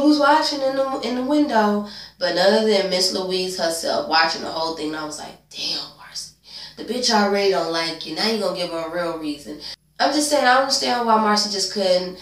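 A woman's voice: on the low side, fairly bright tone. A sleepy woman, recapping a TV episode in a blunt, profane, casual way and talking back to the characters. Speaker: TV episode reviewer, channel host. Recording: echoey room, distant from mic.

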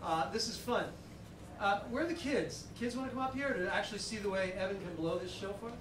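A man's voice: high-pitched, quick pace. A man leading a shofar service as cantor, chatty and joking as he conducts the congregation. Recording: echoey hall, far from the mic, noisy.

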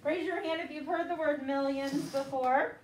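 A woman's voice: high-pitched, fairly even intonation, moderate pace, slight background noise. A woman teaching children a vocabulary lesson, patiently drilling each word in call-and-response and repeating it often. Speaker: elementary school teacher. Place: classroom with children. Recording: echoey room, voice from far off.

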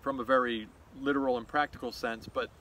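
Male host, reflective outdoor monologue, mid-pitched, thoughtful and unhurried, faint outdoor noise behind. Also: fairly even intonation, a bit bright, poor audio. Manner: thoughtful, unhurried, with fillers and restarts. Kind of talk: reflective walk-and-talk monologue. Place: outdoors on a nature trail.

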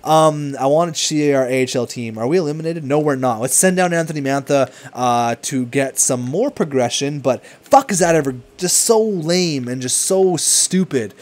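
Young male gamer, slightly high voice, hyped and cursing at the screen, loose casual commentary. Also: normal speed, few pauses. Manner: excitable, swings from hype to frustrated swearing. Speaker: gaming commentator.

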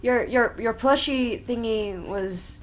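A woman with a slightly high voice plays a game at an unhurried pace, offering rambling, jokey commentary full of sarcastic asides. She speaks into her own desk microphone, with faint music playing behind her.

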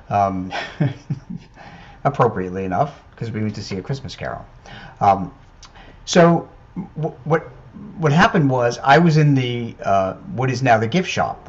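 A man who is a medium, telling ghost stories in a casual video chat, hesitant with many ums and restarts. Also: mid-range voice. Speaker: medium and paranormal investigator. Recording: muffled lo-fi video call audio.

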